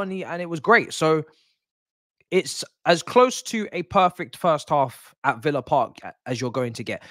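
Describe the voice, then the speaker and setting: A man hosting a live football watch-along, chatting excitedly to his viewers as a fan. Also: medium pitch, no room sound, studio quality. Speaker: football fan channel host.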